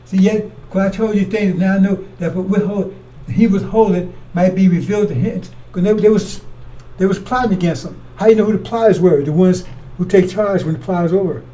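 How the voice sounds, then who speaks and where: Preacher, male, high voice and mellow tone, accusatory and repetitive, recorded from a distance. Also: brisk. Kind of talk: fiery scripture commentary.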